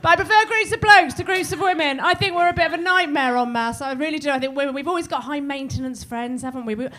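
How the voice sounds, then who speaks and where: Recorded live at a club with laughter from the audience, a middle-aged southern English woman does bawdy stand-up crowd work, slipping in cheeky apologies. She talks fast in a high-sitting voice with a sharp tone.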